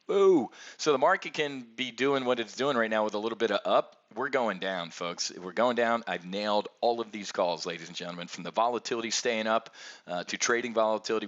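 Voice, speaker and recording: A man's voice: mid-range voice, a bit bright, dull audio. A man giving blunt, sarcastic market commentary on options trading, ranting and addressing viewers directly.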